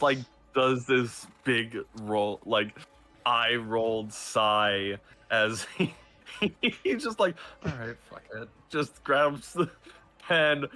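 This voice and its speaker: Slow easygoing guy narrating his tabletop character, bright voice. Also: medium pitch. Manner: laid-back, laughing while narrating. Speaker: player.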